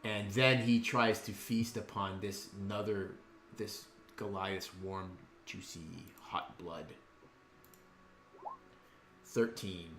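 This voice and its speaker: A man's voice: fairly low pitch, fairly even intonation, slow, a bit bright, reverberant, slight background noise. Laid-back, chuckling man running the game. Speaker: dungeon master. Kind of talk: narrating a tabletop game.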